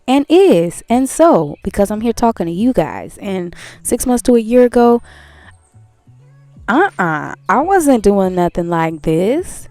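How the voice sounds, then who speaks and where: A woman's voice: mid-range voice, sing-song, unhurried, darkish tone, no echo, soft background music. Earnest woman giving a healing pep talk. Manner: earnest, repetitive, laughs at herself. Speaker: host. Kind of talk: casual motivational talk.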